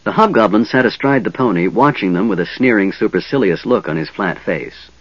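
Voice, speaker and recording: Low expressive male fantasy narrator. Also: brisk, husky, no room sound. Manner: lively, expressive reading with many voices. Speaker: audiobook narrator. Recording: dull dry lo-fi sound.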